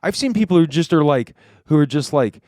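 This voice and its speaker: A male podcast co-host riffing through casual comedy banter, throwing in swearing and sudden asides. His voice swings widely in pitch. It sits close and dry on the mic, with no room sound. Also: a little fast, no echo. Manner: animated, swearing, breaks into joking asides.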